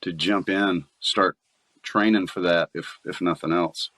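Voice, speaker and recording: A man's voice: sits low, steady tone, measured pace, fairly bright tone, no echo. A man with a Southern US accent, a voice actor chatting casually as an interview guest and laughing often.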